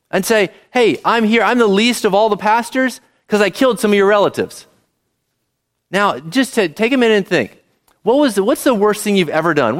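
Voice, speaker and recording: A male pastor giving a conversational sermon, often asking the congregation questions. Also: high-pitched.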